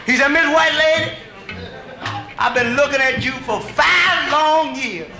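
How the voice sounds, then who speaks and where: A man's voice: very high voice, animated, unhurried, music in the background, voice pushed up, full character voice. A man doing a cocky wheedling young hustler. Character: brash young man wanting to be a sport. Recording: echoey live club recording.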